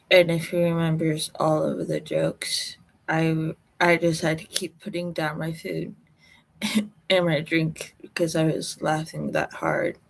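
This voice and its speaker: A woman from Colorado, telling a personal story in a halting way, close to tears. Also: low-pitched, vocal fry. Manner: slow, halting, emotional recollection.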